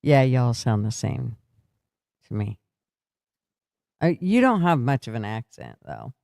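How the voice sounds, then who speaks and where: A man's voice: medium pitch, sing-song, measured pace, gravelly, darkish tone, dry recording, studio quality. An older man hosting a casual chat, laughing a lot. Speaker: podcast host.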